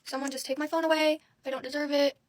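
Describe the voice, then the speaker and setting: A woman's voice: high voice, little pitch movement, fast talker. A young woman doing a makeup tutorial voice-over, counting aloud and scolding herself in dramatic exasperation. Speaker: beauty creator.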